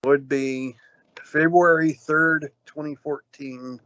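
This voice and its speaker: A man's voice: fairly high pitch, slow pace, slight background noise. A man, co-hosting a casual podcast, telling rambling stories full of ums. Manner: rambling, animated storyteller with lots of ums. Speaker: podcast co-host. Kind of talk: casual chat, storytelling rants. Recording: dull, lo-fi sound.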